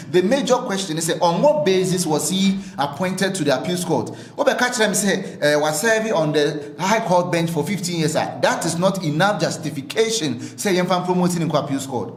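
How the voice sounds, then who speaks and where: Male political commentator, Ghanaian accent, high voice, forceful and repetitive, recorded in a roomy, echoing space. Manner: emphatic, repeats phrases, rhetorical questions.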